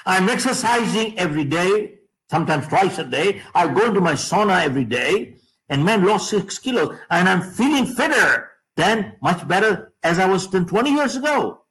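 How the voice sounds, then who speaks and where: A man giving a motivational talk to an audience, emphatic, repeating key phrases and dropping his voice low on punchlines. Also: very animated, moderate pace, fairly bright tone, rough recording. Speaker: motivational speaker.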